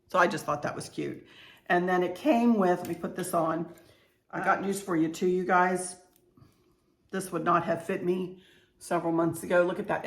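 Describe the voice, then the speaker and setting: A woman's voice: fairly low pitch, gravelly. A woman in her sixties chatting casually as she shows off purchases and family heirlooms at home, gushing about everything being cute. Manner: chatty, gushing, frequent "you know" and "cute". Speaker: home decor vlogger. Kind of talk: casual show-and-tell vlog. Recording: echoey room.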